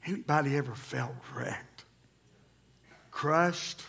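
A man preaching a sermon in church, reading Scripture and calling out loudly to the congregation. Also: on the high side, takes it slowly, vocal fry. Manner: animated preaching, rising to loud emphatic calls to the congregation. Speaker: pastor. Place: church sanctuary.

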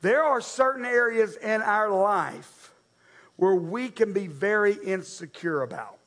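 A man preaching a sermon as pastor, animated and talking straight to the congregation. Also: high-pitched, unhurried. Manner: animated preacher, acts out voices, addresses men and ladies.

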